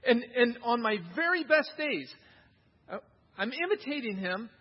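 A middle-aged man preaching a sermon to a congregation, emphatic and animated, often repeating words as he builds a point. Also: very high voice, unhurried, slightly rough. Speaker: pastor. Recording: dull, reverberant hall recording.

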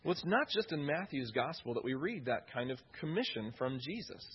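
A man's voice: a little high, big pitch swings, brisk, husky, lo-fi sound. A man preaching a sermon in an earnest way, often repeating key phrases for emphasis.

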